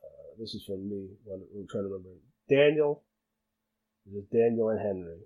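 A man's voice: lowish voice, expressive, moderate pace, phone-quality sound. A man narrating as game master for a tabletop role-playing game, talking casually with many fillers and restarts.

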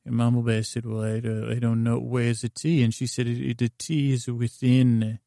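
A man improvising a rambling bedtime story, halting often with fillers and restarts. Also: mid-range voice, flat delivery, creaky, warm tone, no echo, clean studio sound.

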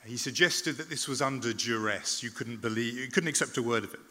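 A man, a journalist, giving a public talk in a measured, reflective storytelling manner, often pausing on "uh" and restarting words. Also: mid-range voice, pushed and bright, in a large hall.

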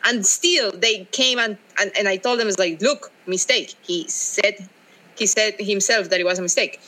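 A woman chatting animatedly about cycling, her voice bright and crisp. She acts out other people's replies as she tells a story. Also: mid-range voice, normal speed, rough recording. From Colombia. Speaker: co-host. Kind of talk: casual chat.

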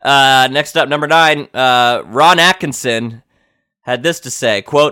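A man hosting a podcast, casually reading out sports quotes and reacting with loud disbelief and swearing. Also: mid-range voice, measured pace. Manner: incredulous, swears and reacts loudly. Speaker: podcast host.

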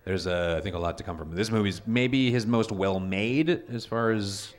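Enthusiastic low-voiced man reviewing films. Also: normal speed. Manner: enthusiastic, swears casually. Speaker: podcast co-host. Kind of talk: casual film review chat. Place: live stage at a bar.

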